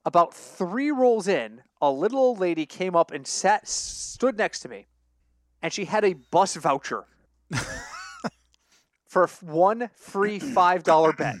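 Animated storytelling man, higher voice. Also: slow pace, dry recording, clean studio sound. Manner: animated storyteller, acts out quoted voices, laughs often. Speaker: podcast co-host. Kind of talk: casual sports betting chat.

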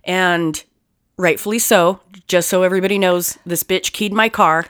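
Profane, animated woman telling stories. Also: on the low side, moderate pace, clean tone. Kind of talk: casual chat.

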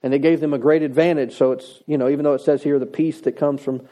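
A man's voice: a little high, fairly even intonation, fast, dark tone. A man preaching a sermon in an emphatic, conversational way, repeating key lines for stress. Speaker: pastor.

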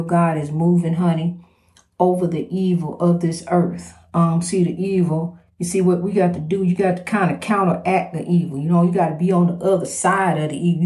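A woman's voice: fairly low pitch, dark tone. A woman hosting an inspirational program, talking spontaneously in a preachy, repetitive way and calling the listener "honey.". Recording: roomy echo.

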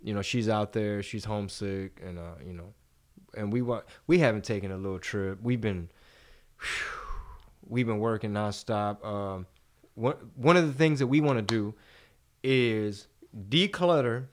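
A man's voice: fairly low pitch, measured pace. A man hosting a podcast in casual chat, rambling and cursing freely as he tells stories. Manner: rambling, profane, animated storytelling. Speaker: podcast host.

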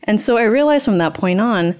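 A woman's voice: mid-range voice, animated, brisk, darkish tone. A young woman telling a personal story candidly in a casual podcast chat, acting out quoted dialogue.

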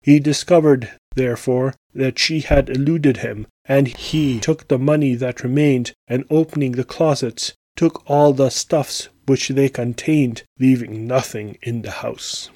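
Guy reading an old story out loud, steady, mellow dark voice, dry close mic. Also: medium pitch, measured pace, few pauses, no echo. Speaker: podcast host and reader. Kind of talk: reading aloud an old tale.

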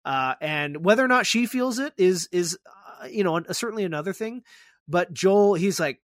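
A young adult man hosting a podcast, talking in a casual, animated way with a fair bit of swearing. His voice sits a little higher than most men's. The sound is close and dry, with no room around it. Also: moderate pace, no room sound. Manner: animated retelling, swears freely. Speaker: podcast host. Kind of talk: casual chat.

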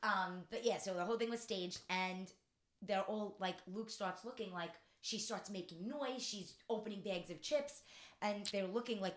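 A woman's voice: mid-range voice, moderate pace. A bubbly woman co-host rambles through casual show chat, laughing easily and backtracking with apologies. Her voice sits mid-range and rings in a roomy, echoey space. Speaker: podcast co-host.

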